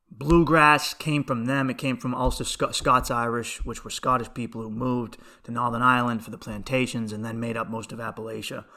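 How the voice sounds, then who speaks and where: A man's voice: mid-range voice, pushed and bright. A young man hosting a podcast, telling rambling stories in a casual, profane comedic monologue and laughing often. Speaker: podcast host.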